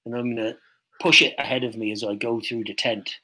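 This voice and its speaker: A man's voice: medium pitch, steady tone, fairly quick, pushed and bright, slight background noise, poor audio. A man playing his character in a tabletop game, brash, combative and profane. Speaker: player.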